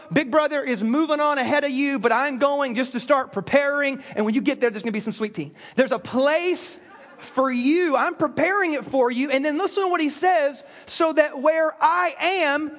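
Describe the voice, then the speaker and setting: A man's voice: extremely high pitch, fairly bright tone. A man from South Carolina, preaching a sermon to a church congregation with humorous storytelling. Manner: humorous storytelling, acts out quotes. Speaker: pastor. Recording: long reverb of a large hall.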